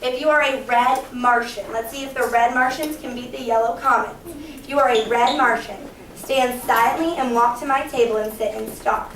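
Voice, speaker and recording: Young lady teacher running a class, high voice, brisk countdowns and praise, filmed from far off in an echoey classroom. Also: fairly even intonation, fairly bright tone, a little hiss or hum. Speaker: elementary school teacher. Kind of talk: classroom management. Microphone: camera across the room. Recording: distant echoey classroom camera audio. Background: children moving about.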